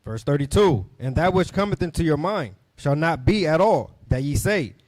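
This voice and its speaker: A man reading Bible verses aloud, steady and formal. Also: fairly high pitch, moderate pace, no echo. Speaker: scripture reader.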